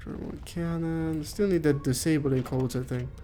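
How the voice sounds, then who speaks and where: A male streamer chats casually with his viewers while he plays. His voice sits a little high, and he jokes around and swears freely. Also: fairly even intonation, normal speed, mellow, faint music behind. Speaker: game streamer.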